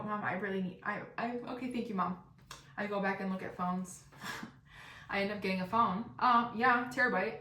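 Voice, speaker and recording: A young woman hosting a podcast, telling a comic story in an animated, profane, self-mocking way. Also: medium pitch, slight background noise. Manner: animated, profane, laughing at herself. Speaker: podcast host. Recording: roomy echo.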